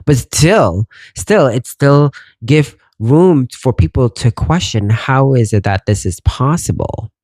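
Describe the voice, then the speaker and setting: A man's voice: medium pitch, animated, slow, hardly any pauses, darkish tone, no room sound. A man around forty hosting a podcast, telling a story in a casual, rambling way, swearing freely and wondering aloud. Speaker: podcast host.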